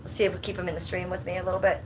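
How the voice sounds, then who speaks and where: This is a woman from Cleveland, US, with a lowish voice, a flat delivery, and a racing pace. She's doing a casual livestream from home on a phone held in her hand, stepping out into the cold and reading chat aloud with blunt, sweary humor, and a bit of hiss or hum is audible.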